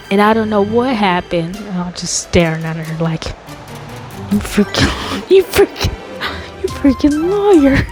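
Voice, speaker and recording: Young woman rambling thru a storytime, kinda low voice, lots of likes and ums, music going in the back. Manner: rambling, filler-heavy, talks slowly on purpose. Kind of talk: casual storytime monologue. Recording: background music under the voice.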